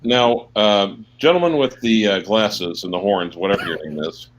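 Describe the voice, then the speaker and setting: Low-voiced man making dry, halting remarks. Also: slight background noise. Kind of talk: casual livestream chat.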